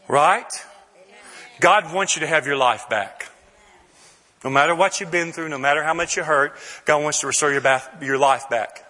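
A man preaching a sermon, reading scripture slowly and rising to shouted emphasis. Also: a little high. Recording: long hall reverb.

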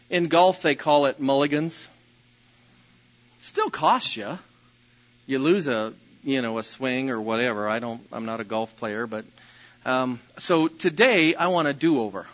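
Pastor, male, sermon delivery, bright forceful tone, lo-fi recording. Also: medium pitch. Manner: storytelling, self-deprecating, rises to loud bursts.

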